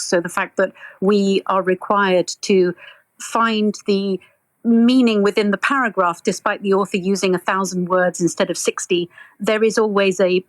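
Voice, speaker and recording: A woman's voice: mid-range voice, no echo, poor audio. A woman hosting a podcast interview who asks long, winding questions full of restarts. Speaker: interview host.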